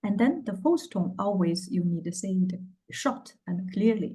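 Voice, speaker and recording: A woman's voice: medium pitch, expressive, a little slow, hardly any pauses, mellow, breathy edge, low-quality recording. A Mandarin teacher, a woman with a Chinese accent, explaining tones in English with many hesitations and Chinese fillers. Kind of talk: casual online language lesson.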